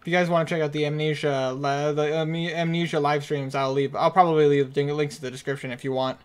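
A man's voice: on the high side, flat delivery, fast talker, clear, resonant tone. A man giving nervous, muttering commentary as he plays through a horror game on his channel, speaking into a desk microphone. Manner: nervous, jumpy, muttering to himself. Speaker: gaming channel host.

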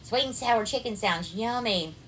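A woman's voice: a little high, normal speed, background noise. Affectionate Southern woman hosting a cooking livestream. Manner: affectionate, greets viewers by name, calls them darling and sweetheart. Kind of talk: casual live-stream cooking chat.

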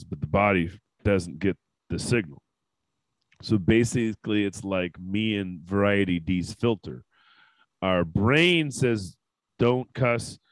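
A man's voice: deep voice, dry recording, rough recording. A man hosting a casual panel podcast, talking candidly and emotionally with frequent swearing. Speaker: podcast host.

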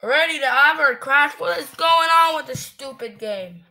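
A woman gamer giving angry, cursing commentary while she plays, ranting and shouting at other players. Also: sits high, lively intonation, normal speed.

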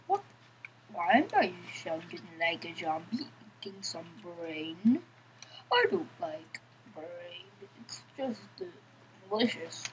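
A woman's voice: mid-range voice, animated, extremely slow, long pauses, a little hiss or hum, low-quality recording. A woman giving casual let's-play commentary, chatting to herself in a playful, giggly way. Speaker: gameplay commentator.

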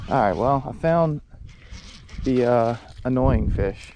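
A man's voice: animated, slow, warm tone. A man giving joking, casual commentary while fishing from a small boat on shallow marsh water. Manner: joking, talks to fish in a silly high voice. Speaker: fishing vlogger. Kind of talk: casual outdoor vlog commentary. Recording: wind and water noise outdoors.

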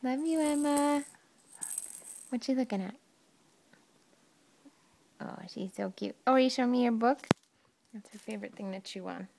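A young woman filming her baby at home, cooing to her in sing-song baby talk and breaking into cheering shouts, recorded on a handheld camera. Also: fairly high pitch, moderate pace, vocal fry, long pauses, slight background noise.

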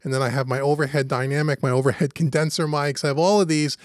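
A man with a fairly high voice walks through a software tutorial step by step, in a relaxed, conversational way. His voice is close and dry, with no room sound around it. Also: quick pace, no echo. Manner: casual, step-by-step walkthrough. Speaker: host and instructor. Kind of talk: screen-recorded software tutorial.

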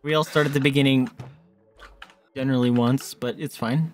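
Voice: mid-range voice, fairly even intonation, moderate pace, long pauses, slight background noise. A gamer in casual banter on a co-op stream, teasing the partner and swearing freely. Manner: joking, teasing, frequent swearing.

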